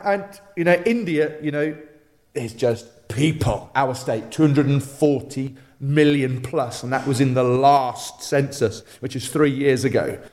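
A man preaching a sermon, talking in an animated, chatty way with frequent restarts and repeated words. His voice sits fairly high for a man and swings up when he presses a point. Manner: animated, repetitive, conversational storytelling with many restarts.

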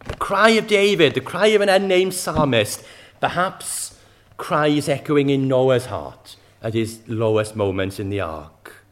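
A man's voice: mid-range voice, expressive, measured pace. A man preaching a sermon, speaking with passion and often asking rhetorical questions of his listeners. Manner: impassioned, rises to cries in quoted prayers.

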